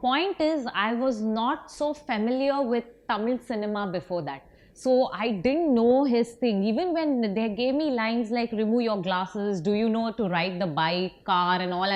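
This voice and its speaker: A young woman from India, an actress telling stories in a casual interview, animated and laughing as she acts out quoted lines. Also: on the high side.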